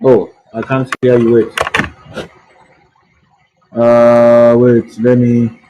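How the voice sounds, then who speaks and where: A man's voice: medium pitch, completely flat delivery, very slow, lo-fi sound, a little hiss or hum. A man hosting a live online talk show, repeating himself and fussing as he tries to reach callers. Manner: repetitive, fussing over technical trouble. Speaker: host.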